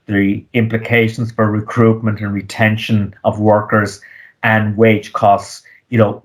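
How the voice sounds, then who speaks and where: A man, an economist, giving measured interview answers with frequent ums and restarts. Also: fairly low pitch. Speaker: economist guest.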